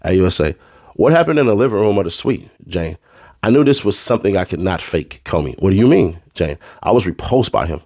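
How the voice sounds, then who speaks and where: A man reading a courtroom transcript aloud, naming each speaker in a flat, clipped way. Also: sits low, brisk, no room sound, clean studio sound. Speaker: trial recap reader.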